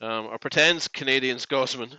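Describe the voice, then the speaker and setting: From his home workshop, a man hosts a woodworking live stream, chatting casually in a rambling, joking way. His mid-range voice is bright, smooth, and forceful at a normal speed, though the audio quality is poor.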